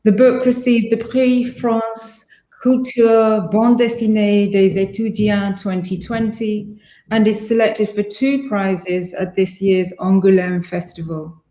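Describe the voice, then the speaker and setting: A woman hosts an online panel, introducing each guest and asking them about their work. Her voice has a middling pitch. The room around her is echoey. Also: level tone, slow pace, warm tone. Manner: friendly, apologetic about her French pronunciation. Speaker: panel moderator. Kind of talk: hosting an online panel discussion.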